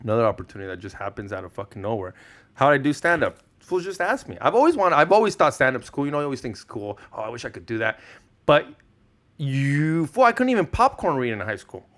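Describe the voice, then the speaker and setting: A man's voice: medium pitch, fast. Spanish-first guy in his 30s, podcast guest telling stories, slangy, swears a lot, does everybody's lines. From Mexican-American, Southern California. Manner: animated storyteller, slangy, swears, acts out quotes. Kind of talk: casual podcast storytelling.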